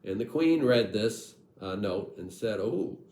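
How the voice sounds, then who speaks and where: A man's voice: lowish voice, expressive, unhurried, a little mellow, echoey room, poor audio. A man telling a comic folk tale with wry, irreverent asides to his audience. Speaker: storyteller.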